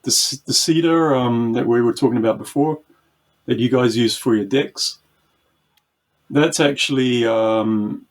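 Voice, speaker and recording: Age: adult. Sex: man. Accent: New Zealand. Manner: rambling, halting chat. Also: mid-range voice. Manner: rambling, many ums and restarts. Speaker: podcast guest. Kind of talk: casual chat.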